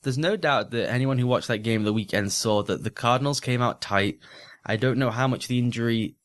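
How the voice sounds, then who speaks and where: A man's voice: mid-range voice, fairly quick. A man co-hosting a sports podcast, breaking down games in fluent, analytical casual chat with frequent restarts. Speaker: podcast co-host.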